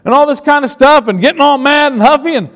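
High-voiced preacher in an echoing church. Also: male voice, quick pace. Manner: preacherly, swinging from hushed storytelling to emphatic. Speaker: pastor. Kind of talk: sermon. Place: church sanctuary. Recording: long reverb of a church hall.

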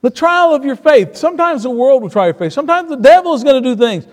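Guy preaching in a church, high pitched, hushed stories then strong points, lots of echo. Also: animated, quick pace. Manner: preacherly, swinging from hushed storytelling to emphatic. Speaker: pastor. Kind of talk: sermon. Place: church sanctuary. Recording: long reverb of a church hall.

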